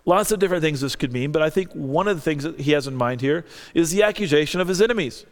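A man's voice: fairly high pitch, lively intonation, quick pace. A man preaching a sermon, earnestly reading scripture aloud and lifting his voice for the quoted lines. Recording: long reverb of a large hall.

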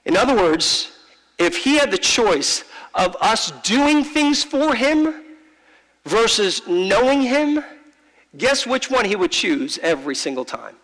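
A man preaching a sermon to a congregation, animated and acting out little scenes in different voices. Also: high-pitched, slow, in a large hall, poor audio. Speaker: pastor. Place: large room with a congregation.

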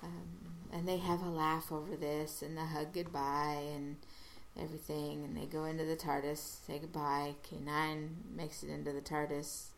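A woman casually recapping a TV episode, halting with restarts and briefly acting out the characters' lines. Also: sits low, level tone, gravelly, a little hiss or hum.

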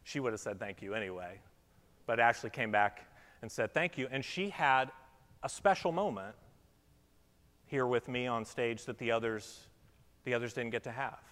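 A man's voice: mid-range voice, animated, normal speed, long pauses, fairly bright tone. A man preaching a sermon from a church stage, chatting playfully with children before reading scripture and reflecting. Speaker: pastor. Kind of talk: sermon with children's object lesson. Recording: long hall reverb.

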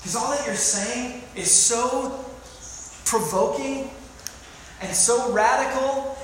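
A man's voice: very high voice, fairly bright tone. A man preaching a sermon, emphatic, repeating phrases and asking the congregation questions. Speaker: pastor. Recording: very echoey hall, faint room noise.

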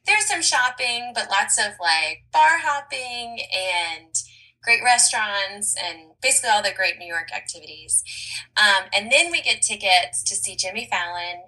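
Husky, bright-toned woman travel blogger. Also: medium pitch, expressive, a little slow, low-quality recording. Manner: cheerful, chatty, laughs often. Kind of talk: casual interview chat.

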